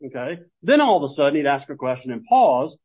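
A man preaches in an easygoing, storytelling way and often doubles back to restart a thought. His voice sits a little high and sounds husky. The recording is muffled and lo-fi. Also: sing-song, brisk, a little mellow. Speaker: pastor. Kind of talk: sermon.

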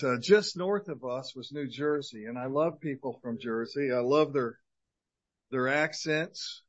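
Older guy preaching to a men's group, jokey and rambling, kinda muffled sound. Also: mid-range voice. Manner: energetic, joking, rambling with many fillers. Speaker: guest speaker and minister to men. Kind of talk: humorous talk to a men's group. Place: church gathering of men.

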